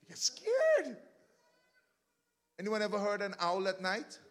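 Fiery high-voiced preacher. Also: male voice, wildly swooping pitch, a little slow. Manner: fervent preaching that swells into shouts, with joking asides to the congregation. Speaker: pastor. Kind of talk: preaching a sermon.

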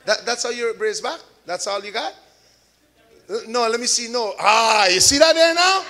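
A man preaching a sermon to a congregation, shouting key words, drawing out call-and-response and mixing in chatty everyday examples. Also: extremely high pitch, animated, moderate pace. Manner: homely store examples, chatty asides. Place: church service with a congregation.

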